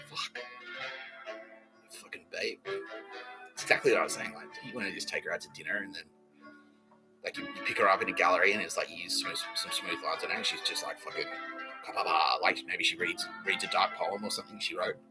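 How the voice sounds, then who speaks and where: A man's voice: deep voice, quick pace, rough recording. A man hosting a podcast in a rambling, profane, jokey comedic monologue. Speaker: podcast host. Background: faint background music.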